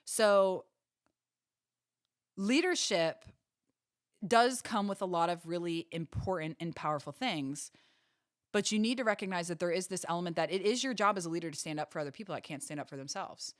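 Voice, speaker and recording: Earnest woman podcaster, low and dry. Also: normal speed, no echo. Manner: earnest, emphatic, repeats phrases for stress. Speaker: podcast host. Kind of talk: personal storytelling monologue.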